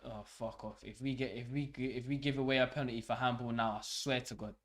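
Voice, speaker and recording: A young man hosting a live football watch-along, swearing and shouting at the match as it unfolds. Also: medium pitch, fast talker. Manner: swearing, excitable, shouts at the game. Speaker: fan channel host.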